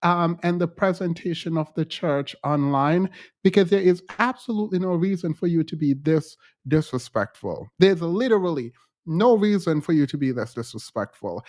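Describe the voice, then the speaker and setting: A man's voice: a little high, expressive, moderate pace, a little mellow, no room sound, clean studio sound. A man hosting casual online commentary, ranting in an exasperated, annoyed way. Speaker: commentary host.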